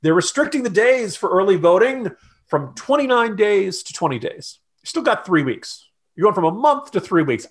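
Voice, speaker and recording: Male podcast co-host, fairly high voice, wry and sarcastic, conversational commentary. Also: fairly bright tone. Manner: sarcastic, mocking quotes in a raised voice; loose and conversational with restarts.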